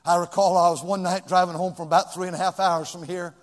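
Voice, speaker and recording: Man, pastor, sermon, high voice, shouts then drops to a hush, long church reverb. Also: flat delivery, fast talker. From California. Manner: swings from shouting to hushed, emphatic repetition. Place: church sanctuary.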